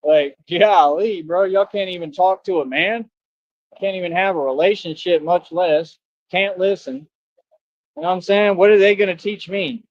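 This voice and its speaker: A man's voice: high-pitched, normal speed, dry recording, dull audio. A man ranting on a live stream, taunting his critics in a combative way and asking rhetorical questions.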